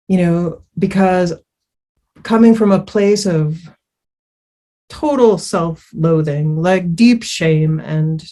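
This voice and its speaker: Unhurried woman giving candid recovery testimony. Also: mid-range voice, a little mellow. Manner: candid, rambling, swears freely; many fillers and restarts. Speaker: speaker sharing her recovery story. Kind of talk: personal testimony.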